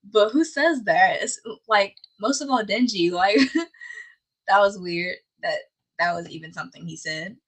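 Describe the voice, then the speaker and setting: A woman's voice: medium pitch, unhurried, rough recording. Giggly woman recapping anime. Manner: laughs often, animated and playful; exasperated, scolding asides. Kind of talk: casual recap chat.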